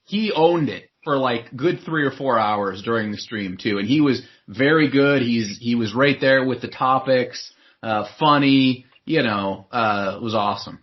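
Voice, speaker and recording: A man's voice: medium pitch, unhurried. A man co-hosting a casual chat show, earnest and full of praise. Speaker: co-host. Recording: muffled lo-fi audio.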